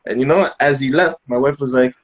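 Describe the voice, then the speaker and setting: A man's voice: medium pitch, a little fast, poor audio. A man co-hosting a podcast, telling a story loosely with many fillers and restarts. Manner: acts out voices with laughter. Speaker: podcast co-host. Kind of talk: casual storytelling.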